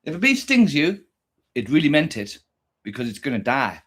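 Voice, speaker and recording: Casual: guy reacting to a doc, chatty and crude, swears, talks to his pet, husky voice jumping around. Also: a little high, wildly swooping pitch, moderate pace, fairly bright tone. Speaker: reaction channel host.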